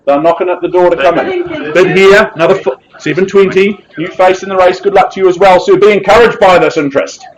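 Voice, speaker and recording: A man's voice: high voice, brisk, highs cut off, crowd noise. A man with a New Zealand accent calling a live property auction with jovial, persuasive patter.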